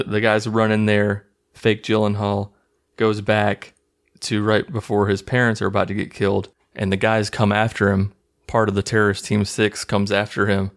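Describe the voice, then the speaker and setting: A man hosting his own channel, casually recapping a movie in a rambling, profane, amused way. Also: fairly low pitch. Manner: rambling, profane, laughing at scenes. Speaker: movie review host.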